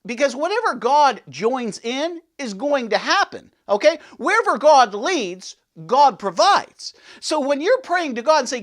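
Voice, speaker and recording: A man hosting a men's ministry show, preaching a devotional with rhetorical questions, swinging between loud and hushed. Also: extremely high pitch, big pitch swings, a little slow, few pauses. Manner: peppers talk with "you know what I'm saying" and "okay"; asks listeners rhetorical questions.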